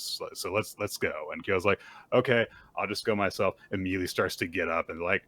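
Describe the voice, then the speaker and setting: Animated man retelling a story. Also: moderate pace. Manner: animated retelling, jumps high when quoting characters. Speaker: podcast co-host. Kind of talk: casual recap chat.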